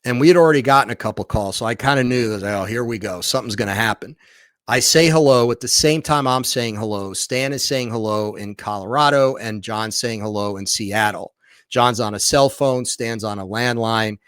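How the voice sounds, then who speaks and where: A man's voice: mid-range voice, normal speed, clear, resonant tone, no echo, studio quality. A man, a documentary filmmaker and author, recounts a story as a podcast guest, restarting and repeating himself as he goes. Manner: animated retelling with frequent restarts and repeats.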